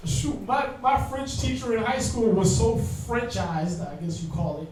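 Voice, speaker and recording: A man's voice: sits high, animated, unhurried, darkish tone, slight background noise. A man teaching an informal Bible class in a slangy, joking way, checking in with his listeners often. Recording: echoey room from far off.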